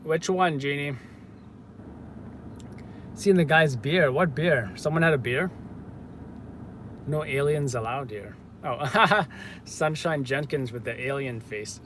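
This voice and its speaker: A man's voice: on the high side, slow pace, long pauses, fairly bright tone, slight background noise. A man hosting a casual livestream from a car on city streets, rambling and joking, recorded on a phone. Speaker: livestream host.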